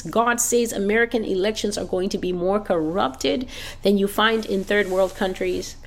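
A woman's voice: medium pitch, normal speed. A woman delivering a fervent prophetic sermon on a prayer call, repeating phrases for emphasis. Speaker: prophetic preacher. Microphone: phone line.

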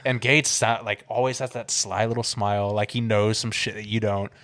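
A man's voice: lowish voice, little pitch movement, moderate pace, fairly bright tone. Laid-back young man laughing on a podcast. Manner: laughs often, swears casually, acts out quoted bits. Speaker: podcast co-host. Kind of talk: casual podcast chat.

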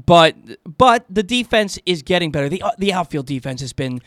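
A man co-hosting a sports radio show, talking in an animated, excitable way and often stumbling over and repeating his words. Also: high voice, a little fast, no room sound, studio quality. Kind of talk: casual sports talk.

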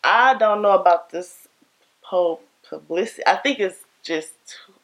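A young woman with a deep voice co-hosts a casual podcast chat. She talks in a laid-back way and often trails off mid-sentence. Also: normal speed, fairly bright tone. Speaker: podcast co-host.

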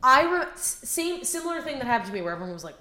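A woman's voice: sits high, big pitch swings, racing, bright, forceful tone. A young adult woman hosting a podcast, chatting casually and rambling with lots of "like" fillers and swearing. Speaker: podcast host. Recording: roomy echo.

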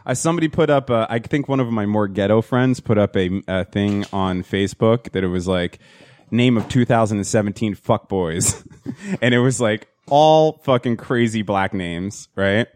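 A man's voice: on the low side, normal speed, a little mellow. A man co-hosting a podcast, trading crude, sarcastic banter and swearing freely. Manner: profane, sarcastic. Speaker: podcast co-host.

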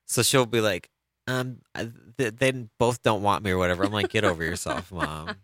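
A man's voice: fairly low pitch, steady tone, fairly quick, fairly bright tone, dry recording. An American man chatting casually, rambling with frequent ums. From United States. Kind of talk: casual chat.

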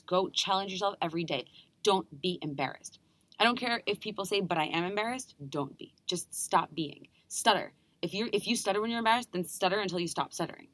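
On the low side and recorded dry, this voice belongs to a young woman from New York with an American accent. She's a guest performer in a casual interview chat, talking with lots of enthusiasm. Chatty by nature, she often restarts quickly.

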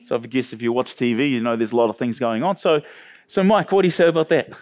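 A man hosting a church panel, telling a personal story in a lively way and acting out the other voices. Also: mid-range voice, fast. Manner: animated, acts out quoted voices.

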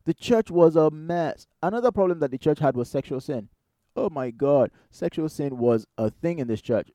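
A man preaching a sermon in a conversational, animated way, firing rhetorical questions at the congregation. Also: a little high, normal speed, no echo. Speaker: pastor.

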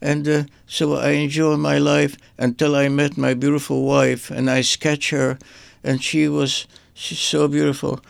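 An older man who is an artist, telling personal memories in a halting way and repeating words as he searches for them. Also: a little high, little pitch movement, creaky, no echo. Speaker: artist guest. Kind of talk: rambling personal reminiscence.

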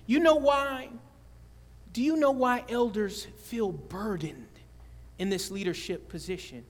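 A man's voice: very high-pitched, a little slow. A man preaching a sermon, conversational and joking, often asking the congregation questions. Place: church sanctuary. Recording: long church-hall reverb.

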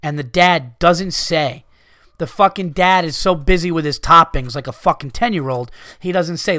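A man's voice: a little high, expressive, moderate pace, pushed and bright, no room sound, clean studio sound. Profane, exasperated man ranting. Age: adult with young children. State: recovering from illness. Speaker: podcast host. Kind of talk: ranting monologue to listeners.

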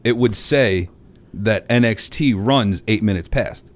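A man's voice: lowish voice, measured pace. Blunt, cursing man in casual chat. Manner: blunt, profane, emphatic.

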